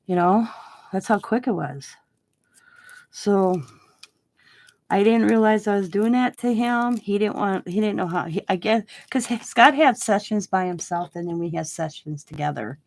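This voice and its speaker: A woman's voice: mid-range voice, normal speed, vocal fry, a little mellow, a little hiss or hum. A middle-aged woman and crafting vlogger talking in a casual, rambling, heartfelt way with many restarts. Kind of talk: casual chat.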